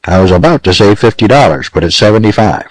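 A man's voice: on the low side, lively intonation, fast, dry recording, poor audio. A man voicing a pompous, blustering old frontier judge.

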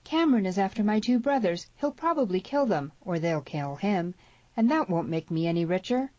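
A woman narrator puts on a young frontier woman who pleads with her whole heart. Her voice sits a little higher than the narration and carries urgent feeling. The storybook recording is dry and slightly dull. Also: lively intonation, moderate pace, a little mellow, no room sound, lightly acted. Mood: earnest. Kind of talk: audiobook character voice.

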